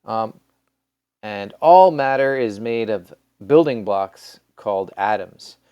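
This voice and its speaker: A man's voice: on the low side, lively intonation, slow, smooth, no echo, dull audio. A man teaching a recorded science lesson in a casual, rambling way, with many restarts and fillers. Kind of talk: recorded classroom lecture.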